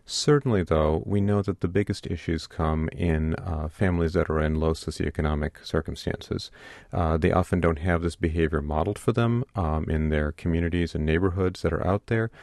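Casting note: middle-aged male pediatrician, low voice, earnest explainer, dry close sound. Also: a little mellow, no echo. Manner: earnest, explanatory, repeats words when starting. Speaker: pediatrician guest. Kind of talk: radio interview.

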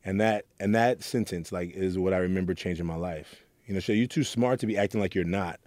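A man's voice: low voice, fairly quick, a little mellow, no echo. A man from Oakland who leads a youth program, earnestly telling stories from his past and acting out what people said. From Oakland, California. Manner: earnest, storytelling, acts out quotes. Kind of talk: reflective interview talk.

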